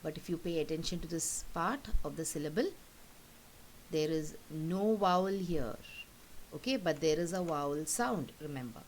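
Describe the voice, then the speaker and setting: A woman teacher with a low-sitting voice and lively intonation patiently says each word twice, slowly, to model its pronunciation in a recorded lesson. The recording is low quality, with a faint hiss.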